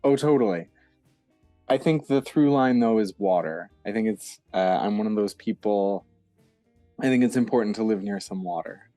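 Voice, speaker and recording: A man's voice: fairly low pitch, normal speed, mellow, no echo, soft background music. A man in his thirties from the eastern United States, a guest chatting casually in an interview, hesitant with many ums and restarts.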